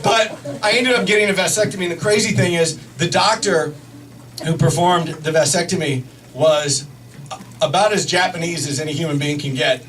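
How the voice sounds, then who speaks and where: A man's voice: fairly high pitch, moderate pace, background noise. A man performing live stand-up comedy, telling a story animatedly, with frequent restarts. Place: comedy club stage. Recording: distant mic, loud audience laughter.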